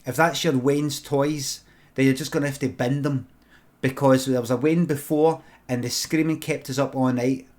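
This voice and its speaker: A man's voice: mid-range voice, steady tone, moderate pace, a little mellow, lightly acted. A Scottish man voicing an irritated neighbour who bluntly complains about noise. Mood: stern.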